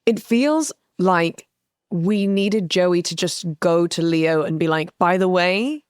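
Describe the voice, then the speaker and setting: A woman's voice: lowish voice, slow pace, smooth, no echo, studio quality. A woman co-hosting a podcast, recapping a TV episode in candid, casual chat and swearing freely. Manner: candid, sweary, animated retelling of scenes. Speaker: podcast co-host.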